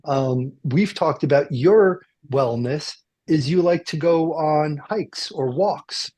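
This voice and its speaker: Husky guy, kinda high voice, rambling radio host cracking jokes, lots of ums and restarts. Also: slow pace, a little mellow. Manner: rambling, joking, many fillers and restarts. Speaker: radio talk show host. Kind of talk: casual chat. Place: car dealership.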